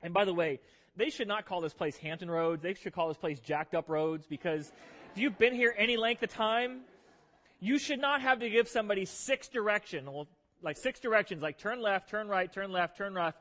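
A man preaching a sermon, telling a funny story about himself in an animated, self-deprecating way to his church congregation. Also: high voice, normal speed. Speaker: pastor. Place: church sanctuary. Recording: long reverb of a large hall.

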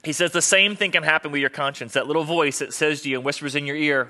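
Bright-voiced male pastor preaching casually. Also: a little high, fairly even intonation, quick pace, few pauses. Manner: conversational, joking with the congregation. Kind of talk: sermon.

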